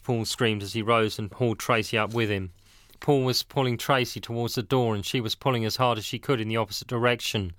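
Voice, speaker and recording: A man narrating an audiobook in a steady, matter-of-fact reading. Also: mid-range voice, a little fast, no room sound, studio quality.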